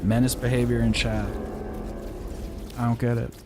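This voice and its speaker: A man's voice: medium pitch, little pitch movement, normal speed. A man streaming a video game, chatting casually with a rambling, self-deprecating manner. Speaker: gaming streamer and YouTuber. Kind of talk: casual livestream chat while playing. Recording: loud game music under the voice. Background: game music and sound effects.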